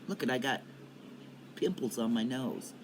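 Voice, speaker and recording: An older woman who vlogs about cannabis chats casually and ramblingly to her viewers from her home in Colorado, coughing often. Her bass voice is expressive and a little mellow, delivered at a measured pace over slight background noise.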